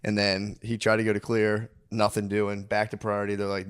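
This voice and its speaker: A man's voice: fairly low pitch, completely flat delivery, brisk, smooth. A man co-hosting a casual podcast, laid-back and chatty, often laughing as he tells his story. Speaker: podcast co-host.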